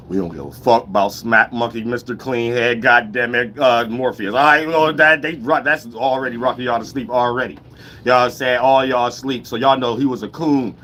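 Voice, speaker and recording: Animated man with a bright, forceful voice. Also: medium pitch, a little hiss or hum. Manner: animated, laughing, fast-talking street slang. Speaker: host. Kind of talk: casual monologue.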